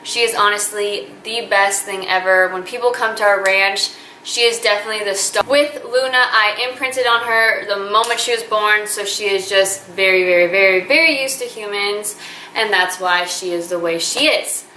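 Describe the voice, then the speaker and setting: A woman's voice: medium pitch, normal speed, bright, forceful tone. A woman in her twenties talking earnestly to camera in a casual vlog, chatty and gushing with lots of fillers. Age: 20s. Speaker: vlogger. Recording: echoey room with faint ambient noise.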